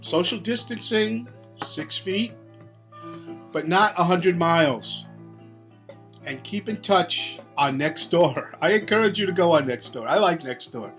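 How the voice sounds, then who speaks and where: Slow-talking, higher-voiced male host. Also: lively intonation, fairly bright tone, faint music behind. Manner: rambling, laid-back asides. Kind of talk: casual interview and sign-off.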